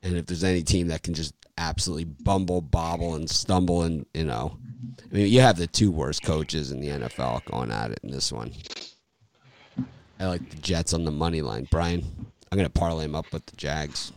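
Deep-voiced joking male host. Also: moderate pace, darkish tone. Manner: joking, laughs often. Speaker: podcast host. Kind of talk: casual betting picks chat.

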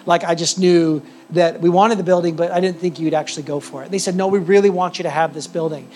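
A man preaching a sermon as the church's pastor, telling a story with animated, emphatic delivery. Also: a little high, fast.

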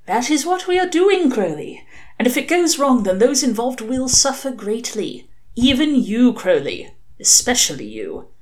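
A woman's voice: fairly high pitch, sing-song, unhurried, slight background noise, voice pushed up. A woman voicing a commanding, ominous infernal male lord in a storybook reading. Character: booming infernal male lord speaking through the radio.

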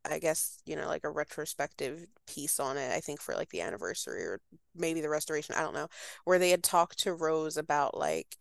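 A woman's voice: low voice, brisk, creaky, no echo, clean studio sound. A woman talking casually about a film, thoughtful and hesitant, with lots of fillers and restarts. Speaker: guest writer.

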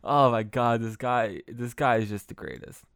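A man hosting a podcast, giving crude comic commentary on clips, laughing often and excitable. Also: mid-range voice, normal speed, clear, resonant tone, no room sound, clean studio sound. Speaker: podcast host.

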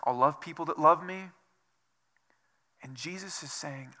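A man's voice: a little high, a little slow, long pauses, sharp tone. A man preaching a sermon as pastor, asking rhetorical questions over and over and dropping to a whisper for emphasis. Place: church.

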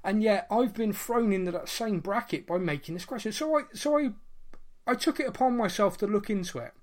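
A man's voice: sits high, expressive, a little fast. A man in his late thirties, co-hosting a podcast and telling a personal story in an earnest, reflective way, with many fillers and restarts. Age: 30s. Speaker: podcast co-host. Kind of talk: casual podcast chat.

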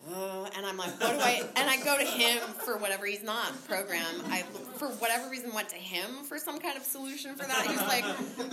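A woman telling her recovery story in a candid, rambling way, swearing freely, laughing often and filling pauses with um and like. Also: a little high, a loud crowd. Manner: rambling with many fillers. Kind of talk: casual spoken recovery story.

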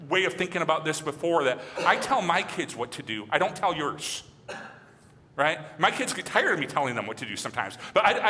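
A man from Michigan who preaches as a pastor, animated and acting out quotes in his sermon. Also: fairly high pitch, long reverb tail. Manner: animated, acts out quotes and voices.

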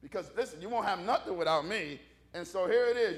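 Lively, joking preacher man. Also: sits high, a little fast. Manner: animated, joking, conversational. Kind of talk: casual, humorous sermon.

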